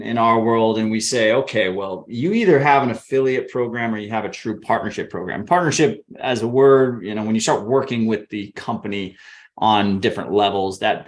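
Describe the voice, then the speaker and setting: A man hosting a podcast interview, asking long rambling questions with restarts over a video call. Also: lowish voice. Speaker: podcast host. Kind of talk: casual interview chat.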